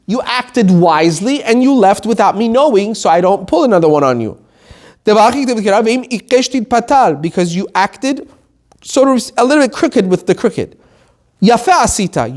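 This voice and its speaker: A rabbi giving an animated Torah lesson, reading quotes and explaining them in plain English. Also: male voice, high voice.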